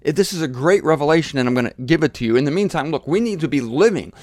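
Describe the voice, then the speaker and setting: A man hosting a Bible teaching show, preaching forcefully and repeating phrases for emphasis in a blunt, provocative way. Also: on the high side, lively intonation, fast talker, dry recording, studio quality.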